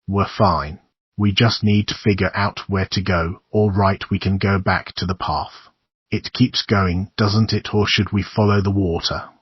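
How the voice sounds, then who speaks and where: A man reading an audiobook, voicing an earnest young man who gently reassures and coaxes in a husky voice. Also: low voice, dry recording, muffled recording. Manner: gentle, coaxing delivery.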